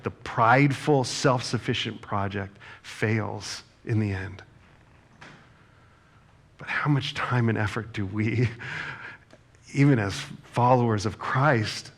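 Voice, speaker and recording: A man's low, gravelly voice fills a church sanctuary as he preaches. He talks more than he orates, telling stories on himself and tossing "right?" to the congregation. He sounds middle-aged and relaxed in the pulpit. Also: slow. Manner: conversational, self-deprecating storytelling with frequent "right?". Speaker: pastor. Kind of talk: sermon.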